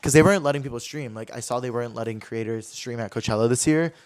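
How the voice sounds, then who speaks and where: Chatty young man telling stories. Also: quick pace. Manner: chatty, filler-heavy, acts out quotes in higher voices. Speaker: podcast host. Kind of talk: casual storytelling chat.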